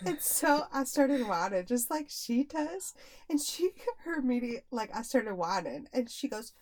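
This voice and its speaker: A young woman talks in a relaxed, conversational way, telling family stories with lots of laughter. Her voice sits at an ordinary pitch for a woman. She gets animated and quick when a story builds. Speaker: podcast co-host, mother. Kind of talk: casual chat.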